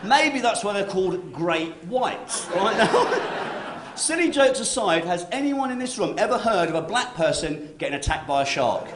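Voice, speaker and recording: Lively stand-up comic in a club. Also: male voice, high voice, measured pace, a crowd in the background. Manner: chatty, keeps tagging lines with "right?". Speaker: stand-up comedian. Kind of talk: stand-up comedy set. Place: comedy club stage with live audience. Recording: roomy club recording.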